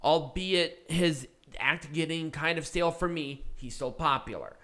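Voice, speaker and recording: A man's voice: fairly high pitch, a little slow, pushed and bright. A man co-hosting a podcast, giving blunt, opinionated takes in casual chat and swearing freely. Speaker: podcast co-host. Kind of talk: casual wrestling review chat.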